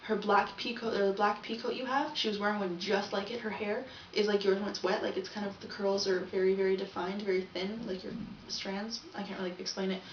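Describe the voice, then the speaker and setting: A woman's voice: mid-range voice, fairly even intonation, fairly quick, few pauses, slight background noise. Chatty young woman, echoey distant sound. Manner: chatty, rambling, self-correcting. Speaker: vlogger. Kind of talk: casual video diary. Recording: echoey, dull, from off the mic.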